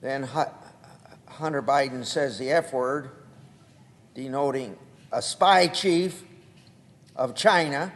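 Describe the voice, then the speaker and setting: An older man, a senator, giving a formal floor speech read from documents, with a slow, halting delivery that marks each quotation. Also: on the high side. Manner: slow, deliberate, halting delivery with marked quotes. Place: large legislative chamber. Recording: long reverb of a large hall.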